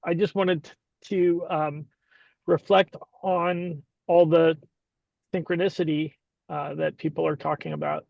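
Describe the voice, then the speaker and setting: A man taking part in a group discussion, speaking slowly and hesitantly with many fillers. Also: fairly high pitch, level tone, creaky, no echo, lo-fi sound. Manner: slow, hesitant.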